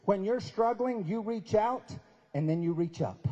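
A man's voice: sits high, a little slow, warm tone, muffled recording. A man in his forties giving an inspirational talk at a prayer breakfast, telling stories conversationally and acting out quoted lines with emphasis. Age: 40s. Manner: storytelling, acts out quoted dialogue, conversational and emphatic. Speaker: speaker. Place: large event hall. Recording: long reverb of a large hall.

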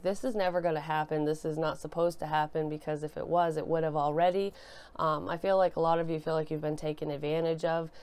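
Low-voiced, stuffy woman reading cards. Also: darkish tone, clear, resonant tone. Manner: chatty, many fillers. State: nasal from a cold. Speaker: tarot reader. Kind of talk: casual spoken reading.

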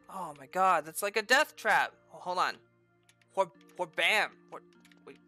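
Excitable, swearing woman gamer. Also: on the low side, a little slow, soft background music. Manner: excitable, profane, loud outbursts. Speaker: gaming video host. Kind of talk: let's play commentary.

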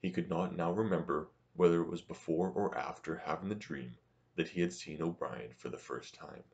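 A man narrating a novel as an audiobook in a steady, measured reading. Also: deep voice, gravelly, lo-fi sound.

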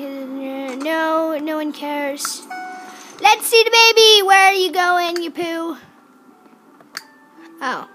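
A hyper child narrates a life-sim game with a high, bright voice. The kid teases and chatters at an unhurried pace. Game music plays clearly underneath. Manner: hyper and excitable, teasing. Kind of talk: let's-play commentary.

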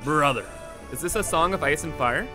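A man's voice: fairly high pitch, normal speed, music in the background. A young man giving playful, hyped commentary over his strategy game. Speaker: gaming YouTuber. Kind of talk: casual gameplay commentary.

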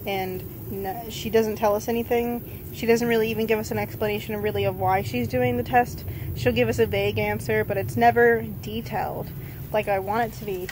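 A woman vlogging to camera in a casual way, out of breath, halting and searching for words as she restarts her sentences. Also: a little high, steady tone, noisy background. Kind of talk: casual vlog talking to camera.

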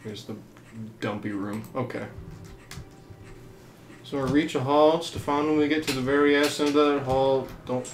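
A man doing let's play commentary on a horror game, crude and trash-talking, swinging from low mutters to panicked screaming. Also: fairly even intonation, moderate pace, pauses often, a little hiss or hum. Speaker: gameplay commentator. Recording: roomy sound with game music behind.

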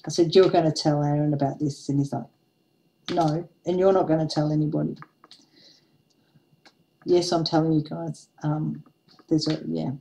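A chatty woman in her forties tells a story while working on a craft project. She laughs often and keeps an easy, rambling pace. Her voice sits a little low, with a warm, mellow tone. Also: little pitch movement, moderate pace, gravelly, long pauses, slight background noise, low-quality recording. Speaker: craft vlogger.

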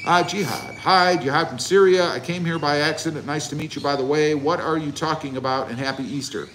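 A man's voice: on the high side, brisk, fairly bright tone, a little hiss or hum. A man hosting a casual livestream, reading viewer comments aloud and answering them with jokes. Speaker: livestream host.

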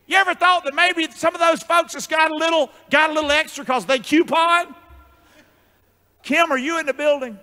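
A man preaching a sermon as pastor, with call-and-response, booming shouts and hushed asides. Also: steady tone, moderate pace. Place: church sanctuary.

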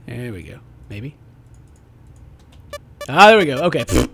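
A man giving excitable let's play commentary at home, yelping and laughing at the games he plays. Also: medium pitch, a little slow, slight background noise. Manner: excitable, yelps and laughs at the game. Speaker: gaming YouTuber.

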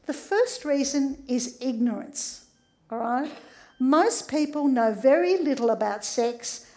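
A woman's voice: a little high, vocal fry, darkish tone. A middle-aged woman with an Australian accent, a sex therapist and doctor giving a humorous public lecture and often checking in with the audience.

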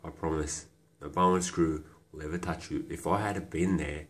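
A man doing an absurd comedy monologue, talking in a hushed, coaxing, halting way that often drops to a whisper. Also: very deep voice, steady tone.

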